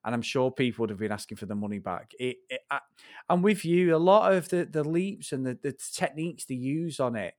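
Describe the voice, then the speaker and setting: A man in casual podcast chat, blunt and heavy on the swearing as he tears into a film. His voice sits at an ordinary middle pitch, and the recording is dry and close with no room sound. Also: expressive, fairly quick, darkish tone, dry recording. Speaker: film review podcast co-host.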